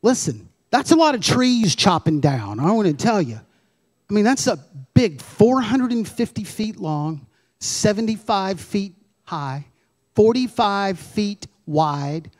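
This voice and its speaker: A man's voice: high voice, darkish tone. A male pastor preaching a conversational sermon in church, full of asides and rhetorical questions to his congregation.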